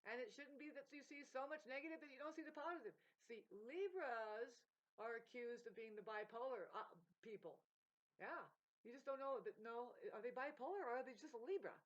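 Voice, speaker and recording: A woman's voice: fairly high pitch, lively intonation, fairly quick, highs cut off. A woman talking in a rambling, swearing, stream-of-consciousness monologue about spirituality and music, with her voice jumping up and down. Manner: stream-of-consciousness, swearing, jumps between topics. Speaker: vlogger.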